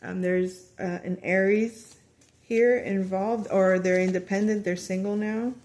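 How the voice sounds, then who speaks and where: A woman giving a casual spoken tarot reading to her viewers, chatty and animated, often quoting lines of dialogue and trailing off into fillers and restarts. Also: medium pitch, a little slow. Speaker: tarot reader.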